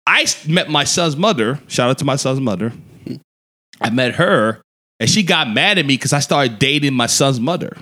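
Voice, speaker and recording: A man telling a long personal story in a podcast chat, animated and profane, acting out the voices he quotes. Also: mid-range voice, normal speed. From Louisiana. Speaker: podcast guest. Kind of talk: casual storytelling.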